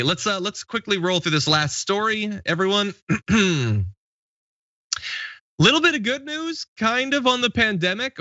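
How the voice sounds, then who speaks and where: A man's voice: fairly high pitch, pushed and bright, dry recording, dull audio. A man in his late thirties hosting a casual live stream, reading viewer comments aloud and laughing easily. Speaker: show host.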